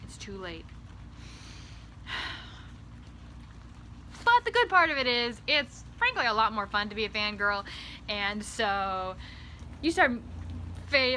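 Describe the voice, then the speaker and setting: A woman vlogging in a comedic monologue, rambling and tripping over repeated words, swinging between loud bursts and hushed asides. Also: medium pitch, slight background noise. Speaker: author vlogger.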